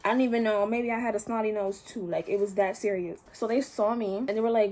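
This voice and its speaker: A woman's voice: medium pitch, steady tone, quick pace, darkish tone. A young woman vlogging a casual storytime, retelling events with slang and quoted voices.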